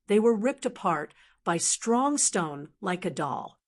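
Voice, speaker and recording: A woman reading fantasy audiobook narration in a steady, even manner. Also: mid-range voice, takes it slowly.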